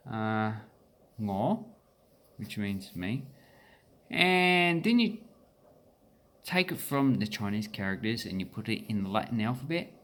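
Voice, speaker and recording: A man with an Australian accent explaining pronunciation in a relaxed, meandering way, with filler pauses. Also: on the low side, slight background noise. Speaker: language teacher. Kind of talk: casual explanatory lesson.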